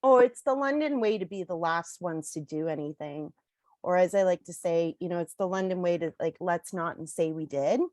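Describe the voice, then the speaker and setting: A woman's voice: lowish voice, moderate pace, darkish tone, no room sound. A Canadian woman who works on the front lines of social services, speaking bluntly and angrily at a townhall, with lots of "like" and "you know". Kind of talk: impassioned townhall speech.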